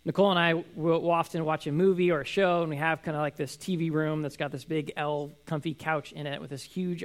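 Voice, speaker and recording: A man in his thirties giving a casual, conversational sermon, telling family stories with acted-out quotes. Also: on the high side. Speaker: pastor.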